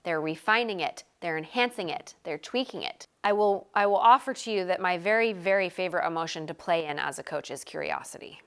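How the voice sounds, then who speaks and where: A woman in her thirties coaching a group on a live video call, talking energetically in quick bursts and repeating phrases for emphasis. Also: on the low side, a bit bright, clean tone. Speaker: sales coach.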